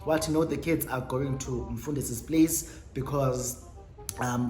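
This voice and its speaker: Young South African woman vlogger, animated storyteller who voices other people's lines; echoey room, faint music under her. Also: low-pitched. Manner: dramatic storyteller, mixes Xhosa and English, acts out quotes. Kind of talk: storytime monologue.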